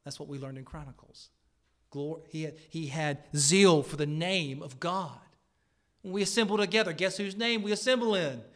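A male pastor preaching a sermon at a church service, swinging between loud, emphatic declarations and quiet, earnest pleas. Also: on the high side, moderate pace.

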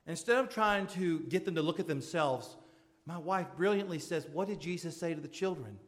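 A man's voice: animated, normal speed. A man preaching a sermon as pastor, pleading with his congregation and building to fervent appeals. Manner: pleading, rising to fervent high-pitched appeals. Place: church sanctuary. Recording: long hall reverb.

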